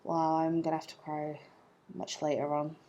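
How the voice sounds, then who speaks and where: A woman's voice: sits low, completely flat delivery, normal speed, warm tone, muffled recording. A young woman telling a personal story to camera in a chatty, rambling way, laughing at herself. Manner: chatty and rambling, with fillers and self-mocking laughs. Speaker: vlogger.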